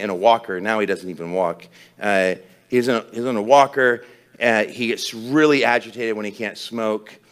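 A man with a fairly low voice preaching a sermon, telling a personal story with humor and self-deprecation. His delivery is conversational, with restarts and asides. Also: smooth. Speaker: pastor.

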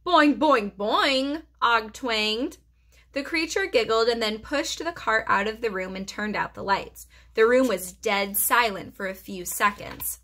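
A woman, a preschool teacher, reading a children's chapter book aloud with expressive storytelling and occasional stumbles. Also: fairly high pitch, a little slow.

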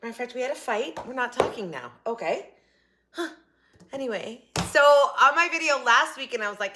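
Chatty, bright-voiced woman vlogging at home. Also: fairly high pitch, expressive, brisk, a little hiss or hum. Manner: chatty, rambling, self-interrupting. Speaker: channel host. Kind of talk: casual haul vlog chat. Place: home kitchen. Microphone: phone camera.

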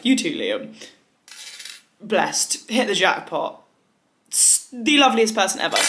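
A woman in her twenties talking casually to the camera at home, rambling, animated and swearing freely. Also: mid-range voice. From United Kingdom. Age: 20s. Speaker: vlogger. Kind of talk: casual chatty vlog.

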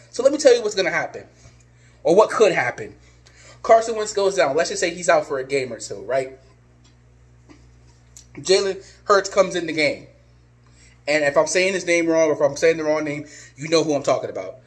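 A man's voice: high-pitched, lively intonation, a little fast. A man ranting angrily as a sports fan vlogger, exasperated and repeating his insults. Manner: angry, exasperated, repetitive insults. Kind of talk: ranting vlog.

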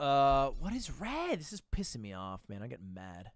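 Young streamer guy muttering word guesses and swearing, lively pitch, dead dry room. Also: normal speed, no room sound. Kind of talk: casual gaming commentary.

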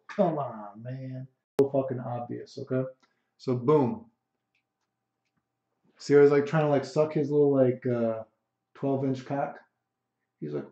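A man's voice: medium pitch, steady tone, unhurried, vocal fry, pauses often, dark tone. A man streaming a fighting game, commentating in a brash, boastful, profane way. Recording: echoey room, dull lo-fi mic.

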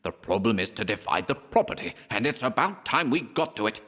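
A man's voice: fairly low pitch, very animated, brisk, fairly bright tone. A man voicing an irritable, sputtering man who is impatient with talk. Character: irritable, red-faced man sputtering with anger. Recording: long hall reverb.

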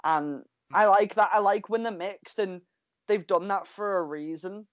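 A man's voice: high voice, unhurried, no room sound. A man co-hosting a podcast, chatting casually over a video call and telling stories with frequent laughter. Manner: chatty storyteller, laughs often. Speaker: podcast co-host. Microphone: video call mic.

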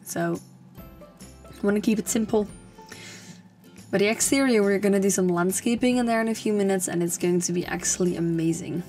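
A woman's voice: mid-range voice, brisk, pauses often, darkish tone, faint music behind. Chatty young woman with a strained voice. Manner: rambling, chatty, with many fillers and restarts. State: slightly strained, fading voice. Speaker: gaming channel host. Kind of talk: casual voice-over narration of a game build.

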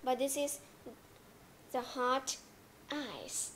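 A woman's voice: high-pitched, animated, slow pace, slight background noise. A woman teaching simple in a playful way, acting out little scenes with sound effects. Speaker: English teacher. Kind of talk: simple English lesson for learners.

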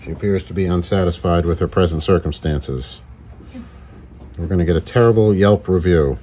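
A man's voice: deep voice, normal speed, dark tone, a little hiss or hum. A man hosting a casual do-it-yourself lure-making video, joking around with playful wordplay. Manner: jokey, goofy wordplay. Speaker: host making fishing lures. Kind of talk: casual DIY tutorial.

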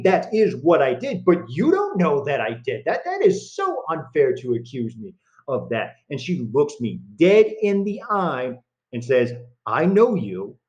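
A man's voice: medium pitch, darkish tone, dull audio. A young man teaching a recorded history lesson, telling a long story in a casual, chatty way with many fillers.

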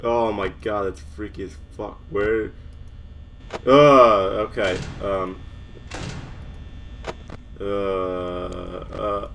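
A jittery young man talks his way through a horror game, stammering and cursing as his nerves fray. His voice is gravelly, with a slow, drawn-out delivery, over a faint hiss. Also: lowish voice, fairly even intonation, fairly bright tone. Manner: panicky, stammering, swearing. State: shaking with nerves. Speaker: gamer.

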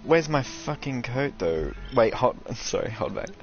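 A young man doing casual, sweary commentary over a video game, ranting and excitable. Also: mid-range voice, measured pace, gravelly, highs cut off, soft background music. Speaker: gaming streamer.

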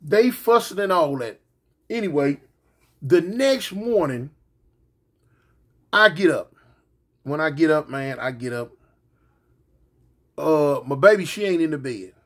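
A man's voice: on the high side, animated, slow, pauses often. A man telling a comedic story casually, drawling and repeating lines for effect as he talks straight to his listeners.

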